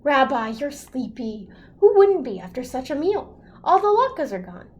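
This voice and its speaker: A woman's voice: high voice, big pitch swings, a little slow, darkish tone. A librarian playing a chatty old grandmother. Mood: warm, chatty.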